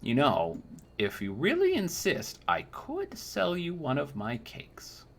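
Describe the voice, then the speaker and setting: A game master voicing a sweet, doting old woman who sells cakes in a tabletop game, coaxing and full of drawn-out "oh"s. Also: medium pitch, wildly swooping pitch, creaky, a bit bright, voice pushed up, heavily acted. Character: sugary, doting old woman cake seller. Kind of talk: tabletop game role-play.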